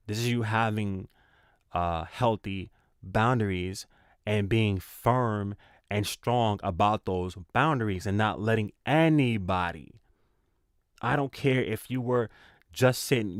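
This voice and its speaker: A man gives a spiritual tarot reading, casual, slangy and encouraging, repeating himself for emphasis. His voice is fairly low, recorded with clean studio sound and no echo.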